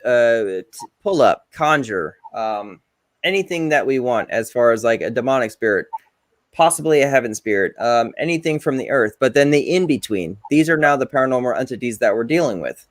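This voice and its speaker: A man's voice: medium pitch, lively intonation, fairly quick, no echo. Guy hosting a paranormal chat, eager, trips over his words, dry close sound. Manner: eager, restarts and stammers. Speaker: host and paranormal investigator. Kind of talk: casual interview chat.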